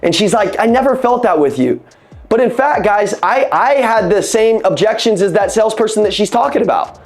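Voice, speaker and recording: High-pitched, fired-up male sales trainer. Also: a little fast, soft background music. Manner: animated, emphatic, repeats key phrases; casual, addresses audience as "guys" and "bro". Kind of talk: energetic sales training talk on a video call.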